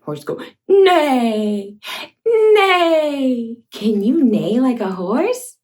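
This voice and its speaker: A young woman hosting a toddler learning video, talking in a slow, exaggerated sing-song way and playfully making animal sounds. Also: mid-range voice, sing-song, warm tone. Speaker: children's educational host.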